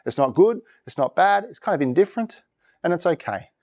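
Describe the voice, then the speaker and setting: This is a man giving a church sermon. His voice sits a little high and moves a lot, rising and falling with each point. He keeps turning to the congregation to ask whether each verse is good or bad news. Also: brisk. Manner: lively, asks congregation for reactions. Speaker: preacher. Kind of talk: interactive sermon.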